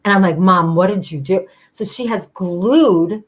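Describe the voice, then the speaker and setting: A woman's voice: lowish voice, measured pace. A woman telling a personal story at a live storytelling show, chatty and full of fillers, acting out the voices of the people she quotes.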